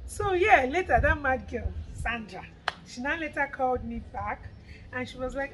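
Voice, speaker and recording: A woman's voice: high-pitched, normal speed, slight background noise, low-quality recording. A young woman, telling a personal story to her vlog audience and acting out the conversation with her friend. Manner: animated, quotes friend's words in lively retelling. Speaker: vlogger. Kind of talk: casual storytelling to camera.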